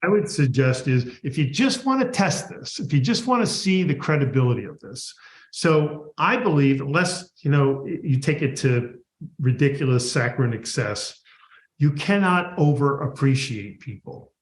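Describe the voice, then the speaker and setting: A man's voice: mid-range voice, expressive, moderate pace. A man, a guest author, answering an interview and animatedly acting out workplace dialogue. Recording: echoey room.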